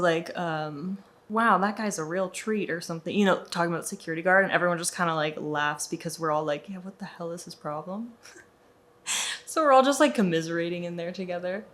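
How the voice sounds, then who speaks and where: A young woman telling a storytime vlog in an animated, indignant way, acting out the dialogue as she goes. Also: on the low side. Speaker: vlogger.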